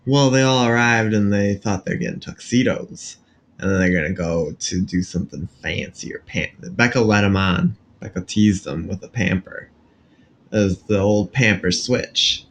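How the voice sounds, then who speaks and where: A man with a low, gravelly voice co-hosts a laid-back podcast. He talks in a rambling, joking way, stumbling over words and padding with fillers as the chat drifts along. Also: moderate pace, slight background noise. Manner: rambling and jokey, with many fillers and restarts. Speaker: podcast co-host.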